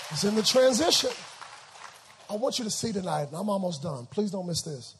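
A man in his thirties preaching a live sermon in a church, dramatic call-and-response delivery that swings from hushed to shouting. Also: high-pitched, very animated, a little fast, noisy background. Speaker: pastor.

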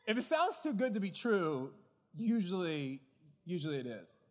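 A man preaching a sermon as pastor, with animated, lively storytelling in quick bursts. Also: high voice, in a large hall. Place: church hall.

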